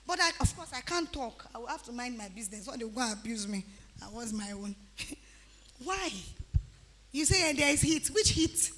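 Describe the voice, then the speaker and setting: Nigerian woman, 30s, youth retreat speaker; bright high voice, playful scolding delivery. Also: moderate pace. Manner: animated, teasing, breaks into pidgin-flavored asides. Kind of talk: lively exhortation to teenagers.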